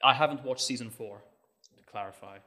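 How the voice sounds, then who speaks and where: A man's voice: mid-range voice, fairly quick, bright, forceful tone. A young man from Malta, a podcast guest, chatting casually with dry, rambling, self-deprecating humor. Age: young adult.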